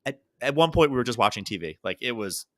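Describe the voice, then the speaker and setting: A man's voice: mid-range voice, fast. A man co-hosting a podcast, telling stories in casual chat and acting out what others said. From Baltimore. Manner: animated storyteller, acts out quotes. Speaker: podcast co-host.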